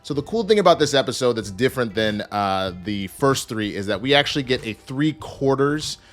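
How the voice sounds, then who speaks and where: A man in his thirties giving an energetic, joking casual spoiler review, swearing and acting out characters. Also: mid-range voice, a little fast, soft background music. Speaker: show reviewer.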